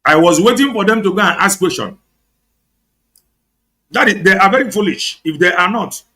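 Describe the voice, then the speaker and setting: A man's voice: high-pitched, lively intonation, moderate pace, bright, forceful tone. A Nigerian man with an Igbo accent, hosting an online show, giving heated, sarcastic political commentary and switching between English and Igbo. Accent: Nigerian, Igbo-speaking.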